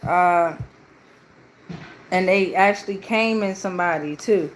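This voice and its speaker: A woman giving a casual, playful tarot reading on a livestream, slangy and loose with cursing, who slips into a low, steady voice for a protective prayer. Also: unhurried, noisy background. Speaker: tarot reader.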